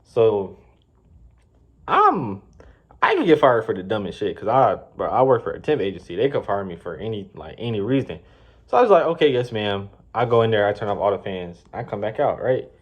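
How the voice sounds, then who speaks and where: A man's voice: on the low side, sing-song, fairly quick, slightly rough, highs cut off. A man in his twenties telling a casual, slangy story with plenty of swearing and rambling asides. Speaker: vlogger. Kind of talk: storytime vlog.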